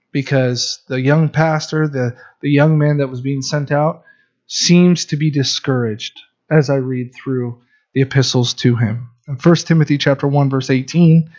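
A man's voice: medium pitch, a little mellow. A man in his thirties preaching a sermon as a pastor, earnest and conversational, with frequent restarts. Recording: dull lo-fi recording.

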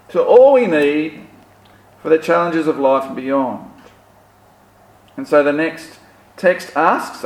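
A man preaching a sermon in an echoey room, his voice set a little high for a man. He takes his time and leans on rhetorical questions and emphatic lines.

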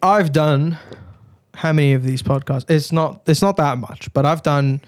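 A man's voice: a little high, normal speed, dry recording, clean studio sound. A man hosting a casual podcast, rambling and joking with plenty of swearing. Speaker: podcast host.

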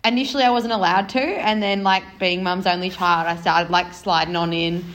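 A woman's voice: fairly low pitch, fairly even intonation, brisk, a bit bright. Rambling woman guest. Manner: rambling, lots of "like". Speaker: podcast guest. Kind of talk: casual chat.

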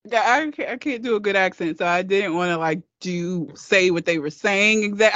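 A woman's voice: mid-range voice, moderate pace, no echo. A woman telling a story in casual chat, cursing freely and laughing often. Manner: profane, laughing, animated storyteller. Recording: slightly muffled, dry.

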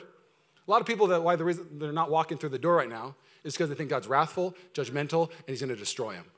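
A man preaching a sermon to his church, talking in an energetic, conversational way with humor, swinging between loud emphasis and quiet intensity. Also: fairly high pitch, fast. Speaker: pastor. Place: church service before a congregation.

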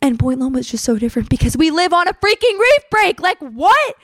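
A woman's voice: very high-pitched, sing-song, brisk, fairly bright tone, no echo, studio quality. A young woman hosting a podcast, telling a story in a chatty, candid way, acting out quotes and swearing freely. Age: young adult. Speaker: podcast host. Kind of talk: casual storytelling monologue.

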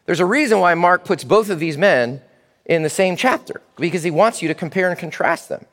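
A man preaching a sermon in church as pastor, animated and speaking directly to the children. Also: high-pitched, brisk, long reverb tail.

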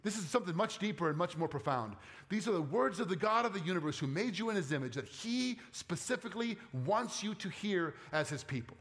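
A man preaching a sermon as a pastor, earnest, dropping soft and low when reading scripture, with casual conversational asides. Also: expressive, a little fast. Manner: conversational asides with playful quoted voices.

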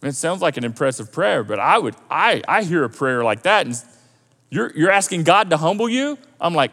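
Animated man preaching in a hall. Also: a little high, normal speed. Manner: animated, conversational preaching with repetitions. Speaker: pastor. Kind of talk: sermon. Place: church auditorium. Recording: echoey hall.

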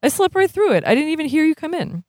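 A gentle, earnest teenage boy, as a podcast reader puts him on, asking soft, wondering questions in a voice pitched well above the reader's own. The recording is dry and close, with no room sound. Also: big pitch swings, quick pace, no echo. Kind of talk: reading a novel's dialogue aloud.

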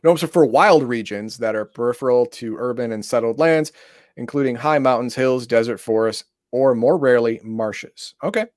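A man's voice: mid-range voice, moderate pace, a little mellow, no echo, studio quality. A man reading tabletop game rules aloud in casual chat, breaking into exasperated, profane rants.

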